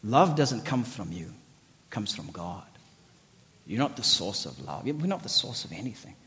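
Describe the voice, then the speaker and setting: Man, passionate preacher, lively rising pitch, booming reverb of a big hall. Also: unhurried. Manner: swings from shouted exclamations to low, intimate asides. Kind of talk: energetic sermon.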